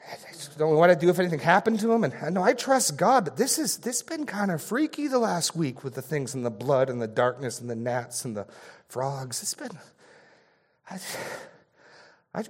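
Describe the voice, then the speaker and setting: A man's voice: high-pitched, huge pitch swings, normal speed, long pauses, warm tone, breathy edge, long reverb tail, voice pushed up, exaggerated voice. A man voicing a nervous, fretful father who stammers and rambles in a raised voice. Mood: anxious.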